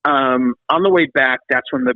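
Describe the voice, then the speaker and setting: A middle-aged man, a former metal drummer, telling long stories in a casual interview, animated and rambling, often restarting and swearing. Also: medium pitch, moderate pace, no room sound. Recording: dry, phone-like call audio.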